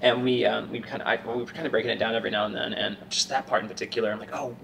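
A man chatting casually as a podcast co-host and stage actor, rambling and joking, with animated bursts when he quotes people. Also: on the low side, very fast, creaky. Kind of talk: casual chat. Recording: distant mic with faint noise.

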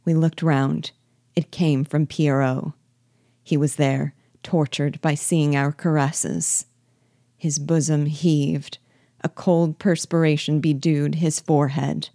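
Low, mellow woman reading a novel. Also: little pitch movement, slow pace, dry recording, studio quality. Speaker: reader of a classic novel. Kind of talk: scripted narration of a novel.

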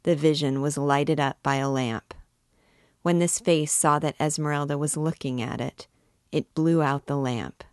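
A woman reads a classic novel aloud in a measured, expressive way. Her voice sits low and she takes her time over each phrase. The recording is close and dry, with no room sound. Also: no room sound. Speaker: book reader and guide.

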